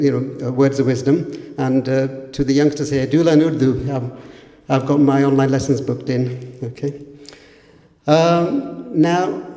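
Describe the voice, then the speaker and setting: A man doing relaxed, conversational, self-deprecating stand-up comedy. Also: fairly high pitch. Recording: echoey hall from a distance.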